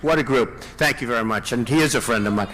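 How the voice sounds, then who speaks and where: A man's voice: mid-range voice, fast talker, a bit bright, a little hiss or hum. A man giving a campaign rally speech, boastful and rambling, with many asides to the audience. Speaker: political candidate.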